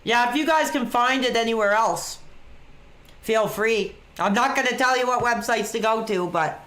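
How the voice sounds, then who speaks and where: A man's voice: extremely high pitch, moderate pace, bright, forceful tone. A man chatting casually on a webcam stream, reacting to a wrestling match as he watches along. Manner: laid-back, chatty, reacting to the action.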